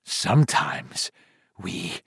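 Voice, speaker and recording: A man reading an audiobook, voicing a chorus of drowned dead children with a low, bubbling voice choked with mud, slow and mocking. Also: sing-song, gravelly, fairly bright tone, slightly rough, no echo, clean studio sound, full character voice. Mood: menacing. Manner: slow, drawn-out, half-whispered.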